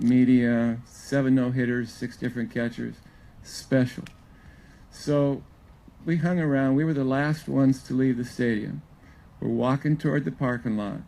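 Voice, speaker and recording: An older man, a former pitching coach, telling folksy and humorous stories to an audience at a live event on a wireless mic. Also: warm tone, poor audio. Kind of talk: storytelling talk at a live event. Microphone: clip-on or wireless event mic.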